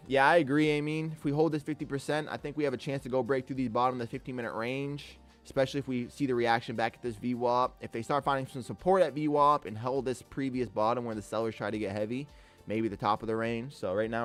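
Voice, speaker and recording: A relaxed man streaming his trading session, mid-pitched and easygoing, cheerfully calling out names from the chat between chart notes. Faint music plays behind him. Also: quick pace. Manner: laid-back, upbeat, greets chatters as king and brother. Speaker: live-streaming day trader. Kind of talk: live trading commentary with chat shout-outs.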